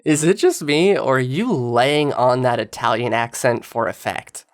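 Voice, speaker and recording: A low-pitched woman with a swooping, animated delivery, tossing out sarcastic jabs as she comments over clips. Her tone stays mocking and taunting throughout. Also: measured pace. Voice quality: sarcastic, taunting, lively inflection. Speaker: political commentator.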